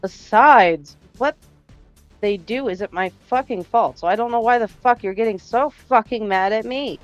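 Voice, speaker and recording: A woman voicing a furious, foul-mouthed young man who shouts and sneers. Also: medium pitch, expressive, moderate pace, muffled recording, faint music behind, natural voice. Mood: contemptuous. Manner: shouting, swearing, contemptuous.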